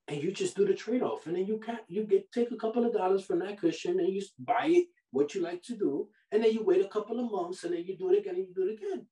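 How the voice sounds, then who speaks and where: A fairly high-voiced man holds forth as a podcast host, giving money advice in an animated, slangy, preachy way. His voice sits back from the mic and carries room echo. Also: brisk, distant mic. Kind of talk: casual money-advice chat. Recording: roomy sound from off the mic.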